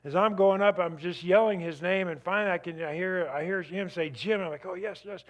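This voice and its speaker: Man telling a dramatic story, pitched a bit high. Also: a little fast, lo-fi sound. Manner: vivid, animated retelling with sudden drops to a hush. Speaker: guest speaker. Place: church.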